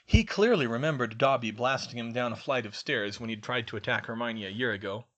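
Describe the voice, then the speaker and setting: A man reading a fan fiction chapter aloud as narrator, with expressive storytelling. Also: medium pitch, a little fast, lo-fi sound. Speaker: audiobook reader.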